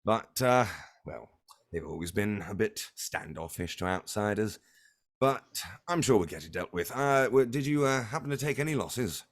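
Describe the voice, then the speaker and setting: A man's voice: fairly low pitch, expressive, normal speed. A man voicing a polite male mage official who speaks formally and stumbles a little over his words.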